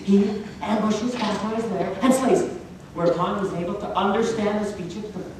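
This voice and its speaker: A woman's voice: medium pitch, fairly even intonation, moderate pace, a little mellow, slight background noise, lightly acted. A woman playing an earnest young royal. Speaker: student actor. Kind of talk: stage musical acting. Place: school auditorium stage. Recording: echoey hall from far off, faint ambience.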